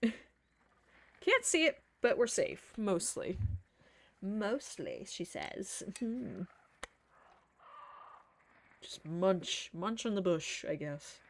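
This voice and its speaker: A woman's voice: medium pitch, very animated, extremely slow, long pauses. A woman streamer chatting through live gameplay, laughing often, swearing freely and muttering to herself. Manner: frequent laughter.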